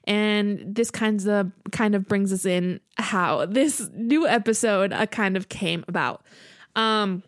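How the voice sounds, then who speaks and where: A woman's voice: medium pitch, slow, no room sound, studio quality. Chatty young woman telling a story. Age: 20s. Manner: chatty, lots of "you know" and "like". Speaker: podcast co-host. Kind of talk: casual storytelling.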